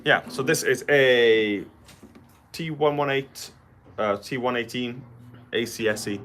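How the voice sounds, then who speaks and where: Bright-voiced Welsh man. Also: mid-range voice, a little hiss or hum. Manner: chatty, jokey, quick asides. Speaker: guitar shop co-host. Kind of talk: casual livestream chat.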